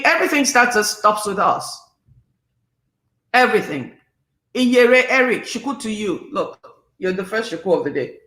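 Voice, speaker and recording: A woman's voice: mid-range voice, fairly bright tone, echoey room. Passionate Nigerian woman in her fifties. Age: 50s. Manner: passionate, emphatic, preachy. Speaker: livestream host. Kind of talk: casual livestream talk.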